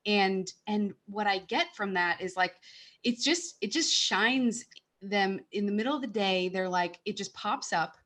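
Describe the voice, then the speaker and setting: A woman's voice: medium pitch, expressive, measured pace, fairly bright tone. A woman hosting a podcast, speaking in a heartfelt, earnest way in casual conversation. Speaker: podcast host.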